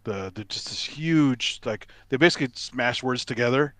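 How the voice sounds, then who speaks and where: A man's voice: mid-range voice, moderate pace, no echo. A man chatting casually on a call, telling stories and jokingly mimicking regional accents. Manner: animated storyteller, mimics other accents for fun. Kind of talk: casual chat.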